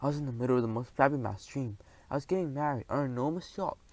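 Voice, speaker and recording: A man reads a children's audiobook in the first person. His telling is lively and expressive, and his voice sits at an everyday pitch. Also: very fast, rough recording. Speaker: audiobook narrator. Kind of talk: first-person storybook narration.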